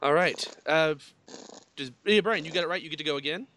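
Bright-voiced male quiz host. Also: fairly high pitch, brisk, a little hiss or hum. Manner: explains rules with frequent laughs. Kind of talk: playful game-show hosting.

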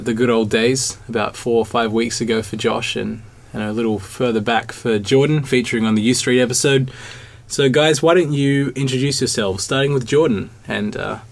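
A man, hosting a podcast in a relaxed, joking, chatty way. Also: mid-range voice, creaky. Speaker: podcast host. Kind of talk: casual chat.

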